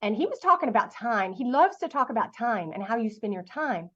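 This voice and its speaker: A middle-aged woman giving a motivational talk to an online audience, telling a lively story and asking her listeners questions. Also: fairly high pitch, brisk, husky, dull audio. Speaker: guest speaker.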